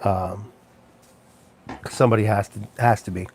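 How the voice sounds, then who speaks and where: A man's voice: on the low side, steady tone, a little slow, darkish tone, a little hiss or hum. A man hosting a casual livestream chat, rambling and chuckling, with plenty of ums and restarts. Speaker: live show host.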